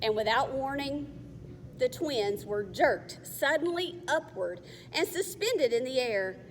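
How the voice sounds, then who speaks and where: A woman reading a children's novel aloud in a careful, measured way. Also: sits high, lively intonation. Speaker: narrator. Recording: faint long reverb, faint hiss.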